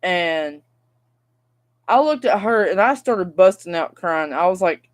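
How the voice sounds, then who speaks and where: A woman's voice: lowish voice, animated, unhurried. A young woman, vlogging and venting in a rambling, frustrated way straight to her viewers. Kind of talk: casual vlog rant.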